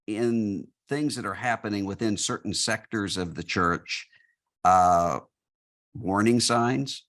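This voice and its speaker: A man with a very low, deep voice answering interview questions in a measured, thoughtful way. He pauses with fillers and restarts his phrases as he reasons aloud. The delivery is conversational and unhurried in its thinking. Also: a bit bright. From United States. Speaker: guest.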